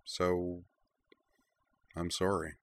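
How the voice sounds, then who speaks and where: A man voicing a kind young man who speaks quietly with a wry, gentle tone. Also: deep voice, normal speed, no room sound, lightly acted.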